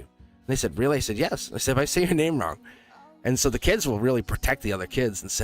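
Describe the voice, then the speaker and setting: A man's voice: mid-range voice, expressive, a little fast. A man reading tarot on a livestream, chatting casually, laughing often and rambling through stories where he keeps quoting himself. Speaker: tarot reader. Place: home studio. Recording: faint music behind.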